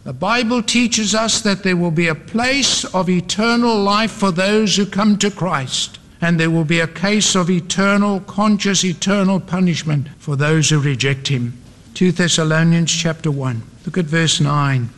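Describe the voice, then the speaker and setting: Man preaching a sermon, pretty high voice, keeps repeating lines for punch, long hall echo. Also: unhurried, a bit bright. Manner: emphatic, repetitive, building refrains. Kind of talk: evangelistic sermon.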